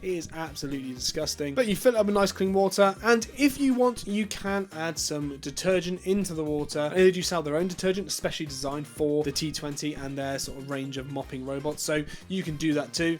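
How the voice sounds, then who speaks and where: A chatty English man with a notably high-pitched voice runs through a casual product review. He talks informally, peppering his points with filler words, while soft music plays quietly underneath. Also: a little fast, hardly any pauses. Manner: chatty, sort-of fillers, informal British phrasing. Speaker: tech reviewer.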